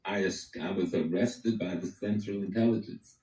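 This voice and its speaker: Older man, storyteller, low voice, very dark tone, acts out dialogue, echoey room, distant mic. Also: moderate pace. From Harlem, New York. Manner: vivid, acts out quoted dialogue. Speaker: guest storyteller. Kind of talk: storytelling in conversation.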